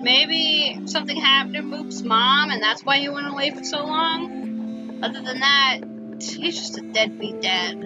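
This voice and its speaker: Woman, high bright voice, emotional let's play chatter, dull lo-fi sound, game music behind. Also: measured pace. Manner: emotional, reacting to the story as she plays. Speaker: gameplay video creator. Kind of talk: casual let's play commentary.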